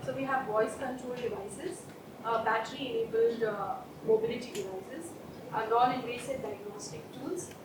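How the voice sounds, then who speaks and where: A woman student giving a hesitant answer in a classroom, pausing on fillers. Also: on the high side, background noise. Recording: echoey room, far from the mic, chatter around.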